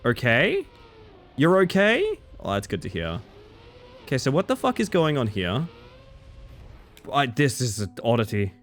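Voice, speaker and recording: A man's voice: medium pitch, huge pitch swings, a little slow, pauses often, a bit bright. An Australian man chatting casually and swearing while streaming a game. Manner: chatty, swears, chants silly words while playing. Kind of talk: casual live-stream gaming commentary.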